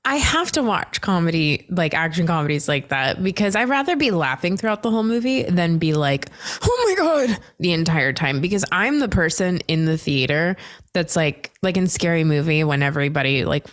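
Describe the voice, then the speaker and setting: A young woman hosting a podcast in casual chat, telling lively self-mocking stories. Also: sits low, brisk, no room sound, studio quality. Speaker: podcast host.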